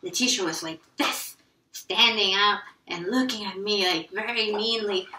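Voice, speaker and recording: A woman vlogger earnestly retelling her first day of high school, with some hushed asides. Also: unhurried. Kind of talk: personal storytelling.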